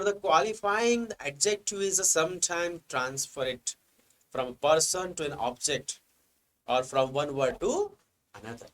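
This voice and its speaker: A man teaching English grammar from slides, explaining step by step, asking himself "what happened here" and reading examples out slowly. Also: fairly high pitch, a bit bright, rough recording. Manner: reads examples slowly, stressing key words. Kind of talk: slide-based grammar lecture.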